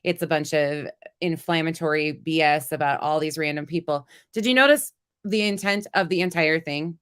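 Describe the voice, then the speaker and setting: Blunt sarcastic female host, a bit under the weather, low-ish voice. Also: moderate pace, fairly bright tone, clean tone. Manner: blunt, sarcastic, laughs at her own jokes. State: sick, voice lower than usual. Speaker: commentary host. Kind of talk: casual drama commentary.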